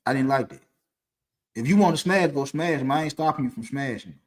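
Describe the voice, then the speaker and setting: Man, mid-pitched voice, casual rambling storyteller on a home stream. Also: animated, a little fast. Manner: loose, conversational, with frequent restarts and laughs. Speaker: podcast host. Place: dim room indoors. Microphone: streaming setup mic.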